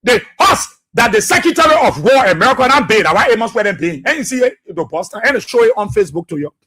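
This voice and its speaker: Husky impassioned Liberian man on radio. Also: high-pitched, very animated, quick pace, pushed and bright. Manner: repetitive, impassioned, laughing jabs at opponents. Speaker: radio station boss and talk show host. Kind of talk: heated political talk radio.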